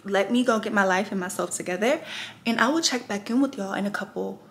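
A woman's voice: mid-range voice, a little fast, a little hiss or hum. A young woman hosting a casual home vlog, talking straight to her viewers in a chatty, self-deprecating way. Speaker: vlog host. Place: at home indoors. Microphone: handheld camera.

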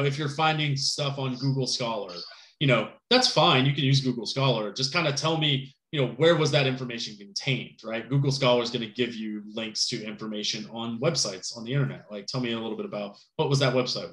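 A man's voice: medium pitch, brisk, fairly bright tone, echoey room. A man teaching a college class, speaking casually with many fillers, frequent "right?" checks and joking asides. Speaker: college instructor. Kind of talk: recorded class lecture.

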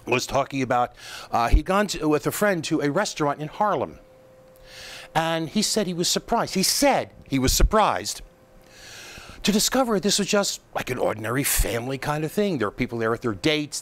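A man with a slightly high voice delivers a political commentary monologue as the show's host. He is emphatic and scornful, piling mockery on the people he criticizes. He often pauses and restarts his sentences.

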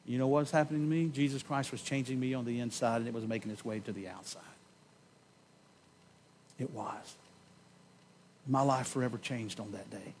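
A man preaching a sermon in a church, giving an impassioned personal testimony that swings from loud emphasis to hushed tones and slows on key words. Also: medium pitch, steady tone, slight background noise. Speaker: pastor. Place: church sanctuary.

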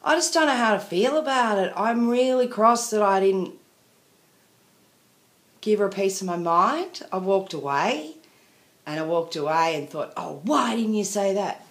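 A woman's voice: mid-range voice, expressive, unhurried. A woman venting in a casual video diary, rambling and apologetic. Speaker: vlogger. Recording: echoey room.

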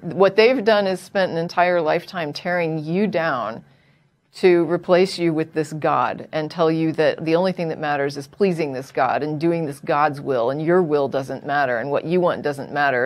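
A woman co-hosting a call-in show, talking to a caller in a direct, earnest, explaining way. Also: low-pitched. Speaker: co-host.

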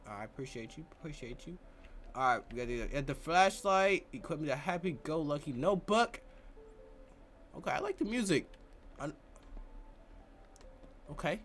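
A man giving excitable, joking gameplay commentary full of slang. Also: a little high, moderate pace, long pauses, faint music behind. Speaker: gaming youtuber. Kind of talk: let's play commentary.

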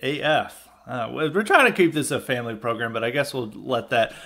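A man's voice: medium pitch, expressive, a little fast, gravelly, bright, forceful tone. A man hosting a podcast, giving blunt, indignant opinion commentary with restarts and chuckles. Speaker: podcast host.

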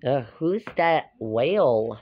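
A woman voicing a gloomy, sulky pet dog in a deep, gravelly put-on voice for a toy play-acting video. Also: lively intonation, slow, dull audio, a little hiss or hum, full character voice. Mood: grumbly.

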